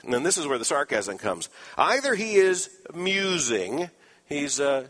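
A man preaching an expository sermon in a slightly high voice. He explains scripture earnestly, dropping in dry little asides along the way. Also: sing-song, measured pace, a bit bright, big-room sound.

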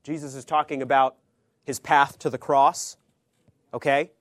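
Man preaching with sudden hushed drops. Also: fairly even intonation, unhurried, no room sound, studio quality. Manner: swings between emphatic loud phrases and hushed low asides; conversational, checks in with "okay?". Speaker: pastor or Bible teacher. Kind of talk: sermon teaching.

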